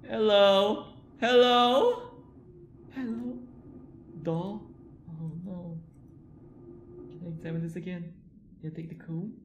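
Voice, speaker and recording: A streamer nervously commenting live while playing a horror game, repeating short phrases and swinging between soft murmurs and sudden yelps. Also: medium pitch, fairly even intonation, slow pace, long pauses, slight background noise. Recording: roomy sound with game music. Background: game music.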